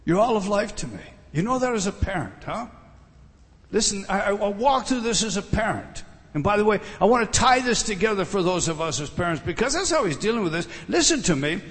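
A man's voice: high voice, animated, fairly quick, a bit bright, in a large hall. A middle-aged man preaching a sermon, emphatic, often repeating words and putting questions to his listeners. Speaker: pastor.

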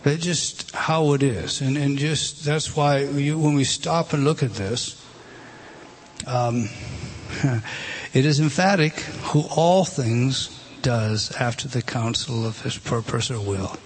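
A man with a mid-range voice teaches a Bible passage one word at a time, pointing at a written page. He's halting and restarts often, his voice rising on stressed words, and there's a little hiss or hum in the audio.

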